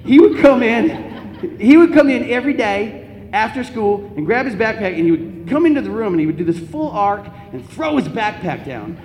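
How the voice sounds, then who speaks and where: High-voiced man telling funny stories in a hall. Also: slight background noise. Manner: animated, comic storytelling with laughs. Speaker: Catholic speaker. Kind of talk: storytelling talk to an audience. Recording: echoey hall, faint ambience.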